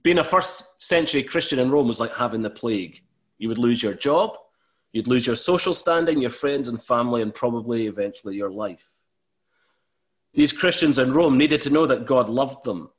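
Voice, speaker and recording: An earnest male preacher delivering a sermon at a middle pitch. He speaks with conviction and builds to emphatic, lifted passages before settling back down. His delivery is that of a pastor addressing a congregation. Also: expressive, normal speed. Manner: earnest, rising to emphatic bursts when voicing God.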